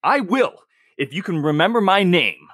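A man's voice: sits high, lively intonation, moderate pace, fairly bright tone, dry recording, studio quality. A man playing a flustered, bashful young male spy in an improvised tabletop role-play.

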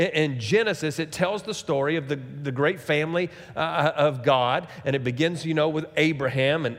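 A middle-aged man preaching a sermon as pastor, talking conversationally and tossing rhetorical questions and asides at the congregation. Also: a little high. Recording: long reverb of a large hall.

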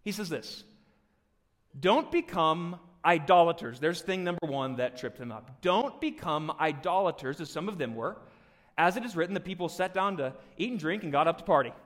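A man preaching a live sermon as pastor, joking and animated, swinging from loud emphasis to hushed near-whispers. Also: on the high side, moderate pace. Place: church hall. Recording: long hall reverb.

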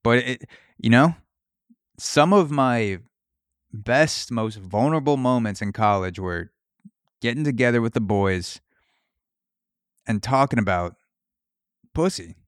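Young male podcast host, crude riffing comic, middle pitch, dry recording. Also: slow pace, long pauses, no echo. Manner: crude, riffing, shifts into mock voices for bits. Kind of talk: comedic podcast rant.

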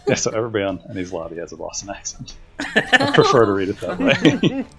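A man co-hosting a casual podcast, rattling off fast asides and laughing. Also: lowish voice, wildly swooping pitch. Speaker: podcast co-host.

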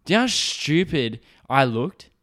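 A man's voice: mid-range voice, big pitch swings, normal speed, fairly bright tone. A young man hosting a podcast, telling a story in a rambling, profane, self-mocking way. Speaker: podcast host. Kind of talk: casual solo storytelling.

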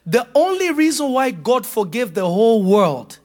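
A man preaching a sermon to a congregation, joking and laughing through his stories before rising to shouted points. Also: very high voice, very animated, moderate pace. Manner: humorous, laughing at his own stories, then building to shouts.

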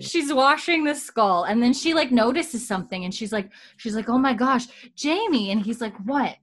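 A woman co-hosting a podcast recaps scenes in casual chat, quoting the characters' lines as she goes. Her voice is a little high and animated, at normal speed, and she's chatty and giggly.

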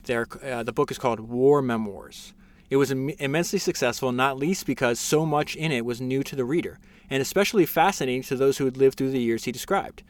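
A man's voice: medium pitch, a little fast, dry recording. A man hosting a casual podcast, summarizing a biography with enthusiasm, reading passages aloud with frequent fillers and restarts. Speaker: podcast host.

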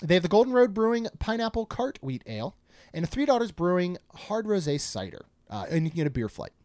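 A man's voice: sits high, very animated, fairly quick, darkish tone, dry recording, clean studio sound. A man co-hosting a casual podcast, chatting and joking while reading out a food menu. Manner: chatty, jokey, reads menu items aloud. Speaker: podcast co-host.

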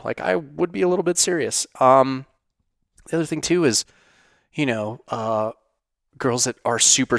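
A middle-aged man answers viewer questions in a casual, unscripted monologue. His talk is blunt, profane and animated. His voice sits in the middle range, and the studio sounds dry and close. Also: medium pitch, gravelly, no room sound. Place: home studio.

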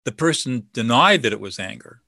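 A man with a bright, forceful voice lays out his methods in a confident, teaching manner. The sound is dry and close, with no room around it. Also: medium pitch, lively intonation, moderate pace, vocal fry, no echo. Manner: confident, teaching, acts out sample dialogue. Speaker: guest expert on listening and de-escalation. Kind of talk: explanatory interview talk.

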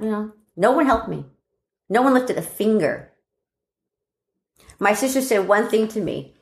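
A woman's voice: medium pitch, moderate pace, pauses often, echoey room. A middle-aged woman casually telling a family story, acting out what relatives said. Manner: animated, acts out family members' lines.

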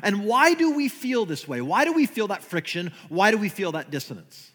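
Male preacher, lively rather high voice, conversational sermon, rhetorical questions, long hall reverb. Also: moderate pace. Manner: conversational, asks rhetorical questions, repeats words. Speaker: guest preacher. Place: church sanctuary.

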